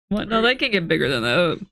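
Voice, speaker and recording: A woman's voice: lowish voice, creaky, pushed and bright, no echo, studio quality. A young woman from Australia with an Australian accent that is starting to blend with a Canadian one, chatting casually and swearing freely while she streams a game. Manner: chatty, swearing, self-mocking storytelling.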